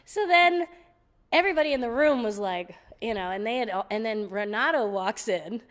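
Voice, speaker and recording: A woman guest on an interview show, telling stories in a lively, laughing way, often restarting her sentences. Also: medium pitch, fairly quick. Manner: animated, laughing storyteller with frequent restarts. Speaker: guest vocalist. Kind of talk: casual interview storytelling.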